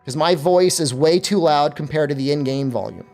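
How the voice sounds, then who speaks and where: A man's voice: fairly high pitch, normal speed, gravelly, a little mellow, soft background music. A man live-streaming a game, chatting loosely with viewers and joking as he talks. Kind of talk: casual live-stream chat.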